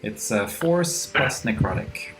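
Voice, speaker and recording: A man playing a tabletop game in casual chat, quick to laugh. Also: medium pitch, animated, over music, low-quality recording. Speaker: player.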